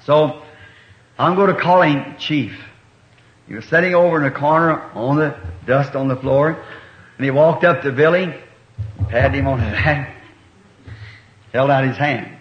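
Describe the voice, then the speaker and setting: Homespun middle-aged preacher, echoey old tape. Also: male voice, on the high side, unhurried, long pauses, a little hiss or hum. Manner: homespun and colloquial, with rural grammar and chuckles. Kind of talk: folksy sermon storytelling. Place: church meeting hall. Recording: echoey, dull 1960s meeting recording.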